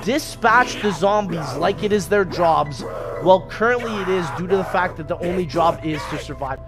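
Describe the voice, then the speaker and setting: Brief: young male narrator, high and bright, comic read-aloud, faint music under. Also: lively intonation, moderate pace. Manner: joking asides, swearing.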